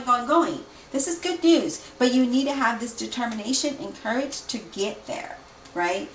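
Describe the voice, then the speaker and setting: A woman giving a tarot reading, energetic and repetitive, speeding up when excited. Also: mid-range voice, a little hiss or hum. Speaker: tarot reader. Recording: echoey room, mic at a distance.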